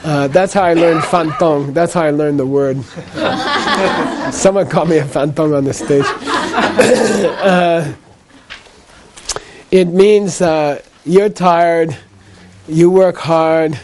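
A man's voice: on the high side, takes it slowly, very noisy. A man teaching a live class on Buddhist ideas, explaining patiently, repeating key points and checking in with "okay?" after each one. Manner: patient explaining with a light laugh.

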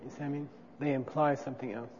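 A man's voice: mid-range voice, fairly even intonation, rapid-fire, darkish tone, a little hiss or hum. Man lecturing in a reverberant hall. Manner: conversational, checks in with frequent 'okay?'. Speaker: teacher. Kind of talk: classroom lecture on Buddhist philosophy. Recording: dull lo-fi sound with long reverb.

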